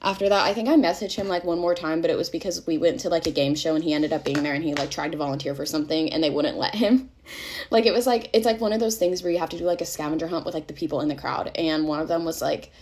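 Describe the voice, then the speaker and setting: Young woman, low-ish voice, quick delivery, casual storytime vlogger, irritated and chatty. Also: fairly even intonation, darkish tone. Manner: chatty, exasperated, swears freely, heavy use of "like".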